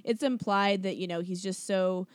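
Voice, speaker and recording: A woman in casual podcast chat, talking fast with lots of fillers and laughs. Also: medium pitch, steady tone, dry recording. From not from the American South. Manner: chatty, filler-heavy, laughing often.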